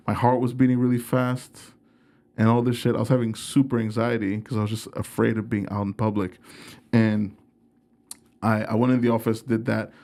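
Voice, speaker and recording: A man's voice: medium pitch, gravelly, darkish tone. A young man, a comedian guest, telling stories in a casual, profane, self-mocking way. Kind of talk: casual storytelling.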